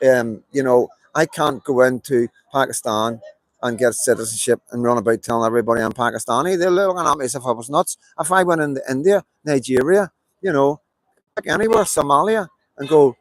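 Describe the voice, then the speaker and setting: Middle-aged Belfast man, mid-pitched, emphatic live-stream rant, dry recording. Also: brisk, dry recording, low-quality recording. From Belfast, Northern Ireland. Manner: emphatic and repetitive, many fillers. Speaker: livestreamer. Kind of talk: rambling live political monologue.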